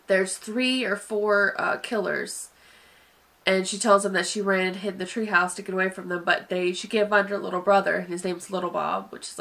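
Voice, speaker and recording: A woman's voice: mid-range voice, bright, forceful tone. A woman with a sniffly nose giving a casual, hesitant spoken film review, sighing and wandering through her points with many fillers. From Southern United States. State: sniffly from allergies.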